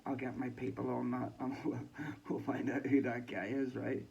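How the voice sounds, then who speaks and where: Gravelly Northern Irish man, sweary and rambling. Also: medium pitch, level tone, moderate pace, darkish tone, highs cut off. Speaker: boxing commentator. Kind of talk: casual chat.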